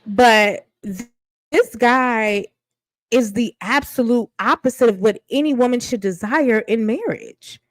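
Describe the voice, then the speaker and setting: A woman's voice: fairly high pitch, unhurried, no room sound, poor audio. A woman giving blunt, sassy commentary on a reality dating show, casual and mocking.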